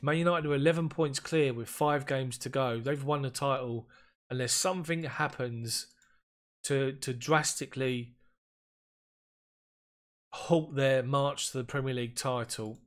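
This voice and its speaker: A man giving casual commentary on a football management game, getting excited and frustrated as chances slip away. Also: mid-range voice. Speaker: gaming YouTuber.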